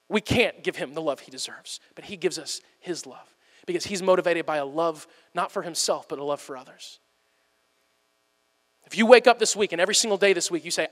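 A young man with a high, light voice delivers a candid, self-deprecating sermon as a pastor. He acts out everyday scenes as he preaches, and his voice carries a long reverb from a large church hall. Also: a bit bright.

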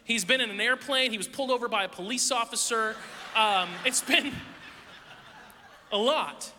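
High bright-voiced pastor in a big hall. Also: male voice, moderate pace, slight background noise. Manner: animated, self-deprecating storytelling with laughs. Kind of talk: sermon with personal stories. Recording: long reverb of a large hall.

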